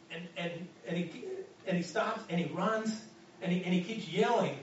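Speaking in a high voice, a male pastor delivers a sermon in a church sanctuary, telling a story in a halting way full of restarts, then building to urgent exhortation before a closing prayer. The sound comes from a distant church PA and is roomy and dull.

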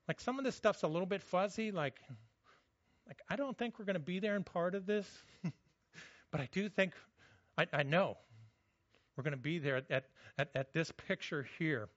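A man preaching a sermon in a slightly high, muffled voice. He talks like he is in conversation, often stumbles over his words and starts again, and slows down when he reads scripture. The sound is dry and a bit dull. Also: lively intonation, no echo. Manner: conversational preaching with frequent restarts, slowing for scripture. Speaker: pastor.

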